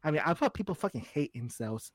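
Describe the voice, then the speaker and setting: A man's voice: fairly high pitch, very animated, quick pace, no echo. A man guesting on a casual podcast, talking bluntly and swearing often about things that annoy him. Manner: blunt, profane and exasperated. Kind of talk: casual chat.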